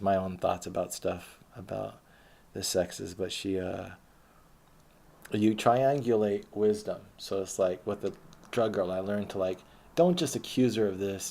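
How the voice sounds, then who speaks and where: Mellow-voiced man rambling casually. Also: on the low side. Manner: casual and profane, with frequent restarts and fillers. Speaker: storyteller recounting his dating life. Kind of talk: rambling autobiographical monologue.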